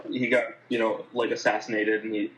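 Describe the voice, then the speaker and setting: A man's voice: fairly low pitch, little pitch movement, brisk, a bit bright, reverberant, a little hiss or hum, poor audio. A man co-hosting a casual podcast chat, speaking hesitantly with lots of fillers and restarts. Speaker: podcast co-host.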